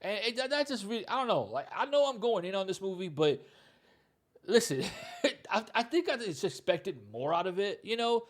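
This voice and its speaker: A man's voice: high-pitched, expressive, normal speed. A man reviewing a movie in a loose, candid, conversational way, with plenty of "you know" and "like.". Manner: candid, blunt opinions. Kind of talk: casual spoken movie review.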